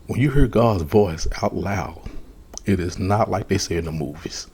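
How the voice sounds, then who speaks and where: Breathy low-voiced man telling a testimony. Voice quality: very breathy, soft voice. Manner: slow, hushed, earnest retelling. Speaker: storyteller. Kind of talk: ASMR testimony.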